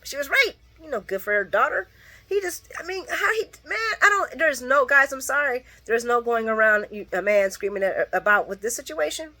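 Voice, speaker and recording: Woman soap recapper, chatty and animated, swears freely, talks to her fans. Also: high voice, brisk. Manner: animated, profane, talks to viewers; quoting characters mid-story. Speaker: soap opera recap vlogger. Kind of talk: casual recap chat.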